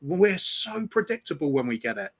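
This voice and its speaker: A man's voice: on the high side, sing-song, normal speed, fairly bright tone. A man joining a fan watch-along stream as a guest, talking casually and frankly about his team's play. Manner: frank, analytical, swearing. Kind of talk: casual football chat over a call.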